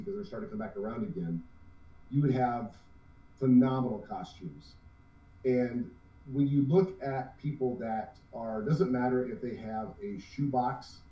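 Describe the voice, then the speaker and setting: A man in his 50s who co-owns a cosplay group speaks earnestly in a casual interview, rambling and restarting often. His voice is mid-range with a dark tone, and the recording sounds roomy, distant, dull and lo-fi.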